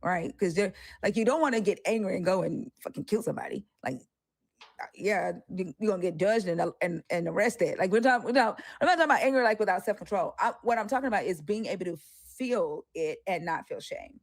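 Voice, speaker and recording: A woman's voice: medium pitch, brisk, no room sound. A woman co-hosting a casual discussion, candid and profane, often acting out the voices of people she quotes. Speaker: co-host.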